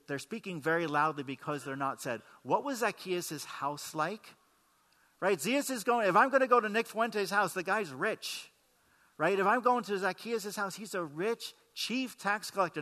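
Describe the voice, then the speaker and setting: A pastor speaks in a high, sharp-toned voice, preaching conversationally and frequently asking the congregation questions. Long hall reverb surrounds the recording.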